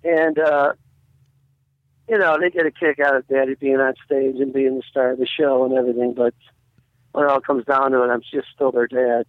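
A man's voice: medium pitch, moderate pace, dry recording. A man, a comedian guest, telling a joke over a phone line and acting out its voices. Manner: animated storyteller who acts out the voices in his joke.

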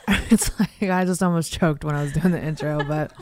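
A woman's voice: sits low, moderate pace, a little mellow. A young woman hosting a podcast, chatting casually, swearing a lot and laughing often, and reading ads. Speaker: podcast host. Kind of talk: casual podcast chat and read ad.

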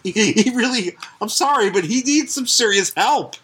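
A man's voice: sits high, animated, normal speed, sharp tone, a little hiss or hum. A man in casual comic-book chat as a podcast co-host, laughing and joking with some swearing.

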